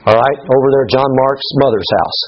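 A man's voice: mid-range voice, fairly quick, dull audio. A man preaching a sermon as pastor, telling a scripture story with humor and acting out the people in it.

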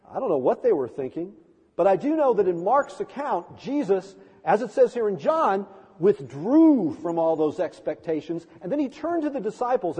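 A man's voice: high-pitched, sing-song, moderate pace, a little mellow, slightly rough. A middle-aged male pastor preaching a sermon in a church, earnest with storytelling asides. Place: church sanctuary. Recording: long church reverb.

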